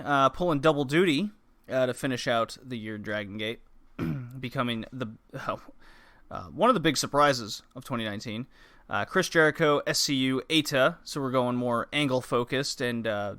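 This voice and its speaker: A man's voice: mid-range voice, pushed and bright. A man hosting a podcast, recapping in a casual, blunt, profane way with loose fillers. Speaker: podcast host.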